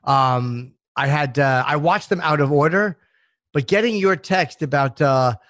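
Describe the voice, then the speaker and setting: A man's voice: fairly high pitch, a little slow, a bit bright, no echo. Hesitant man on a dry call. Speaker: podcast co-host. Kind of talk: casual chat. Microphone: video call.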